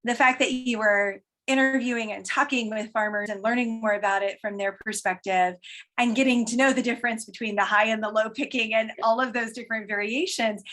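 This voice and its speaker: A woman's voice: fairly high pitch, a bit bright. A woman hosting a casual interview about books, chatty and enthusiastic. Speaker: host.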